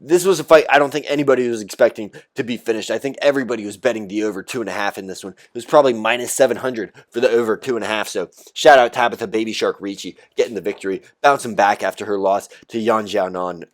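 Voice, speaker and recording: A man's voice: on the low side, fast talker. A man hosting a solo recap show, talking through fight results in a casual, blunt, chatty way with loose fillers. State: out of breath. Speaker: podcast host recapping fights.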